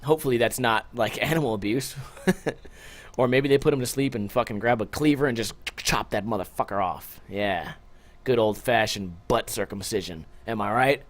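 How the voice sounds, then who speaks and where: A man's voice: fairly low pitch, normal speed. A man hosting a podcast alone, rambling casually and joking with a lot of swearing, short on sleep. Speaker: podcast host. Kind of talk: casual solo podcast chat.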